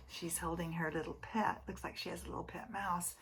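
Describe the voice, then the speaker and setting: Soft-spoken preschool teacher reading aloud, low-voiced woman. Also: steady tone, normal speed, slight background noise. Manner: soft-spoken, often dropping to a near whisper; gently asks the children questions. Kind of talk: reading a picture book aloud to children.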